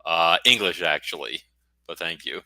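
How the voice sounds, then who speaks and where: A man's voice: low voice, moderate pace, sharp tone, dry recording. A middle-aged American man, a guest author, talking in a rambling, jokey and self-deprecating way on a casual podcast. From United States.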